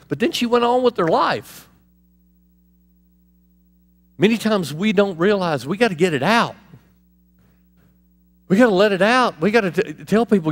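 Male pastor, animated and chatty, preaching in a reverberant church hall. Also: high voice, moderate pace. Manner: animated, conversational preaching with laughs and asides. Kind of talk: sermon.

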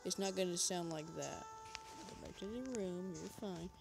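A woman's voice: on the low side, normal speed, vocal fry, music in the background. A woman coaching a friend through a horror game in casual chat, reassuring and guiding. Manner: reassuring, guiding, loose and chatty.

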